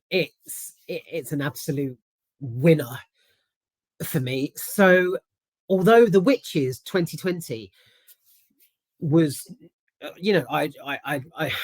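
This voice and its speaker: A woman's voice: low voice, dry recording. A woman giving a casual, rambling spoken film review, emphatic and swearing freely.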